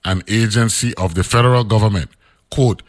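Low-voiced man reading aloud. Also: normal speed, no room sound. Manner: reads steadily, breaks into loose chatty asides. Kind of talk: reading an old newspaper article aloud with asides.

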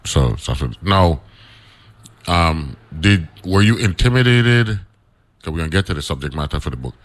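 A man from St. Croix hosting an interview, speaking in a measured, halting way and repeating words as he gathers his thoughts. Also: deep voice, lively intonation. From St. Croix, US Virgin Islands. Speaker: interview host. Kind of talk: casual interview chat.

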